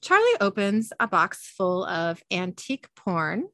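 A woman's voice: medium pitch, big pitch swings, a little slow, sharp tone, dry recording. Chatty woman recapping, dry close sound. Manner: chatty, laughing asides. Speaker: podcast host. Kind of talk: casual episode recap.

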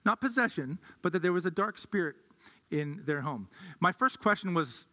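A man's voice: sits high, lively intonation, normal speed, bright, forceful tone. A male pastor giving a sermon in a conversational way, thinking aloud with restarts, heard in an echoey hall.

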